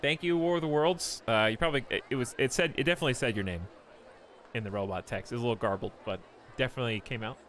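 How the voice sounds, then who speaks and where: A man casually chatting through a live game stream at home, animated and chuckling often. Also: medium pitch, quick pace, a little hiss or hum.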